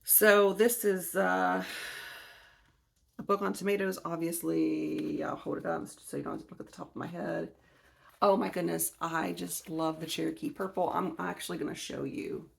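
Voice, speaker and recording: A woman's voice: fairly low pitch, creaky. A woman in her forties with a Southern US accent, chatting casually and rambling about her books on her own channel. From Alabama, US. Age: 40s. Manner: chatty, rambling, self-correcting. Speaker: gardening channel host. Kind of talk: casual video chat showing books.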